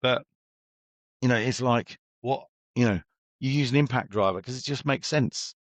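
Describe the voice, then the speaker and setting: A man's voice: medium pitch, moderate pace, no room sound. A middle-aged man, a business coach, talking bluntly and chattily as an interview guest and acting out his exchanges with clients.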